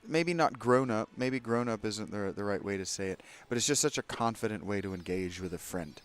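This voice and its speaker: A man with a fairly low voice talks through a game as its host, candid and opinionated. He drifts into rambling asides aimed at his viewers between moments of play. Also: a little fast, hardly any pauses. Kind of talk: gameplay commentary.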